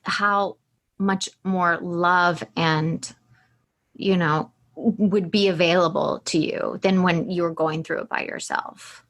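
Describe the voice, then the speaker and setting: Woman host, low-pitched, emotional and chatty. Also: steady tone, slow pace. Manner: emotional, warm-hearted reactions, laughs easily. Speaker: podcast host. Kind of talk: casual conversation.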